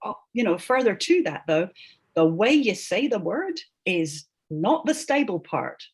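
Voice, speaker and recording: Woman, linguist guest, husky voice with a lively pitch, emphatic and teacherly. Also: unhurried. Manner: emphatic, often tags "right?", laughs between points. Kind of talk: animated explanatory interview talk.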